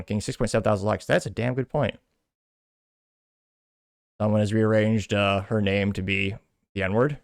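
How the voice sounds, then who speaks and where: A man's voice: mid-range voice, no echo, studio quality. A male show host reading social media posts aloud and commenting on them in a wry, mocking tone.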